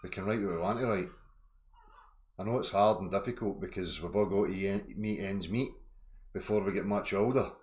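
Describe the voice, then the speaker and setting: A man's voice: fairly low pitch, steady tone, a little fast, darkish tone. A man hosting a casual live stream, talking in a rambling, earnest way.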